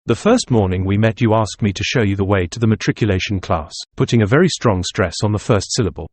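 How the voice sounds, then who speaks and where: A man's voice: lowish voice, fast, darkish tone, no echo, lightly acted. A man voicing a proud, aloof young male student who speaks in a cutting, intense way, in an audiobook reading. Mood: earnest.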